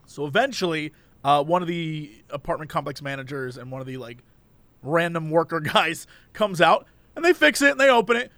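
A young man co-hosting a podcast in casual chat, an animated storyteller who slips into quoted voices. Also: fairly high pitch, a little fast, creaky, no room sound. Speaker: podcast co-host. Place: Los Angeles area.

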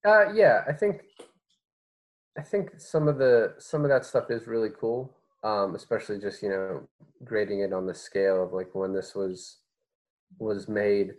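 A man's voice: on the low side, a little slow, darkish tone. A man co-hosting a casual chat about a movie, wry and hesitant, with many fillers. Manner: wry, hesitant, acts out scenes in mock voices. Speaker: podcast co-host.

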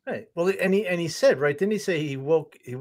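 Jokey middle-aged man with a lively voice. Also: on the high side, brisk. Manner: laughing, jokey riffing. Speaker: podcast co-host. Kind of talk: comedic podcast banter.

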